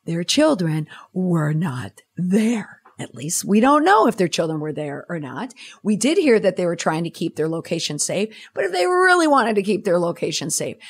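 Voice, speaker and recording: A woman hosting her own podcast in a sarcastic, exasperated tone as she answers messages from her audience. Her pitch swoops and leaps constantly. The delivery is animated and conversational. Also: breathy edge. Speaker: podcast host. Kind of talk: solo podcast reading listener messages.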